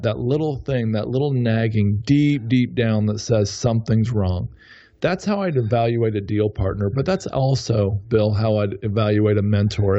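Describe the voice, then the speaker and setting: Guesting on a podcast, a man who invests in real estate chats in a warm, mid-range voice. He tends to ramble and frequently stops to correct himself partway through sentences during this casual interview. The recording sounds muffled.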